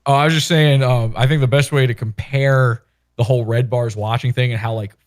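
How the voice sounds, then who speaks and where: A man's voice: medium pitch, fairly quick. A man hosting a podcast, rambling in casual, profane chat and acting out quoted lines. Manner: rambling, animated, acts out quotes. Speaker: podcast host.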